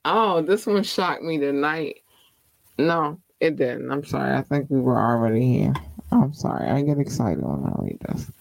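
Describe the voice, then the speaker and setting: A woman hosting her own podcast, talking casually in slang and giving affectionate shout-outs to her listeners. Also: rumbling low, animated, moderate pace, gravelly, no room sound, poor audio. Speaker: podcast host. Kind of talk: casual solo podcast chat.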